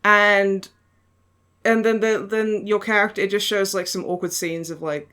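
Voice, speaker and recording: Bright-voiced sardonic woman podcaster. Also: mid-range voice, steady tone, normal speed, clear, resonant tone. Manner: sardonic, swearing, giggly. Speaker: podcast host. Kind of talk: casual chat.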